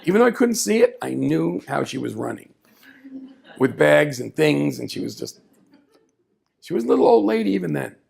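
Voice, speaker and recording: Gravelly man telling a story. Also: a little high, moderate pace, long pauses. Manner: animated, chatty, asides to the audience. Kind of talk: live storytelling performance. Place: small café stage.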